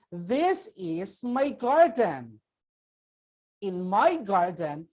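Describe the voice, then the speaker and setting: A woman teacher with a Filipino accent giving a children's vocabulary lesson, speaking patiently and repeating each word for pupils to say back. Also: medium pitch. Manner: slow, patient, repeats words for pupils to echo.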